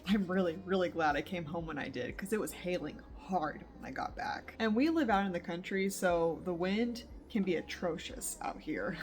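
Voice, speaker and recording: Chatty young woman book vlogger. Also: lowish voice. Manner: chatty, laughing reactions to the story. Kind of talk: casual reading vlog chat. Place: home in the countryside.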